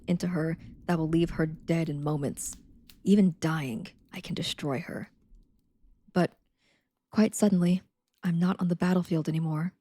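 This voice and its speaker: A woman livestreaming, chatting casually with her viewers and reading a novel aloud, soft-spoken and slipping into whispers now and then. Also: lowish voice. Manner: chatty with viewers, reads steadily.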